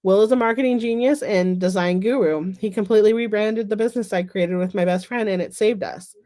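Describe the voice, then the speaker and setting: A guarded young woman with a dry, self-conscious wit, read by a woman author. She speaks at a middle pitch and sounds like a storybook reading. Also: fairly quick, mellow, close to an everyday voice. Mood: polite. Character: young woman, guarded about dating, wry.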